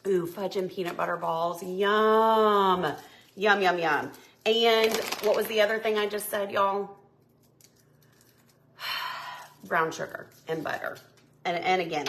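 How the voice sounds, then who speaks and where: A woman's voice: medium pitch, a bit bright, slight background noise. Bubbly woman cooking live. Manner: chatty, bubbly, talks to viewers as friends. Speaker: home cooking livestream host. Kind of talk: casual live cooking chat. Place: home kitchen.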